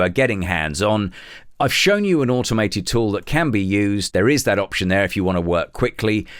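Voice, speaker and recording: A man, walking through a photo editing tutorial step by step in a relaxed, explanatory way. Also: on the low side, no echo, clean studio sound. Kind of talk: software tutorial.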